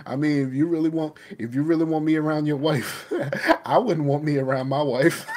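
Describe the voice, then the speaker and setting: Rambling, laughing podcast host. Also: male voice, on the high side, fairly even intonation, moderate pace, darkish tone, slight background noise. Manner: loose, rambling, laughs often. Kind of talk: casual chat.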